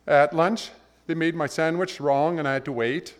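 A man's voice: a little high, moderate pace, pitched above the performer's own voice, lightly acted. A man voicing a grown man whining to God about his bad day. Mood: aggrieved. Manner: complaining, aggrieved.

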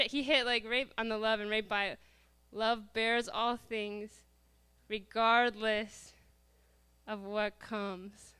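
A woman telling a lively personal story to a church congregation, laughing often as she goes. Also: mid-range voice, clear, resonant tone. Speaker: church speaker.

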